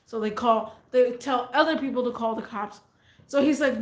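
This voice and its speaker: A woman's voice: a little high, normal speed, roomy sound. A woman vlogger casually and animatedly retelling a neighbor story, rambling as she goes.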